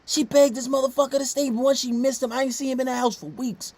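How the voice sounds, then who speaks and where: A man giving casual reaction commentary, blunt and profane, swinging from low mutters to loud outbursts. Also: steady tone, fast talker.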